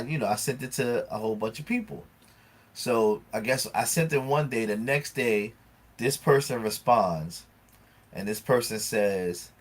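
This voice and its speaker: A man co-hosting a casual podcast, animatedly retelling an argument with plenty of swearing and acting out both sides. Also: on the low side. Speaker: podcast co-host. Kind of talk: casual chat.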